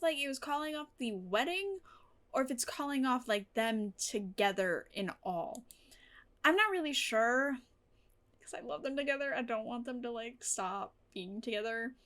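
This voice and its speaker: A woman's voice: a little high, fairly bright tone. A woman reacting to a TV episode in casual commentary, gushing and emotional, swearing freely. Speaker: TV reaction vlogger.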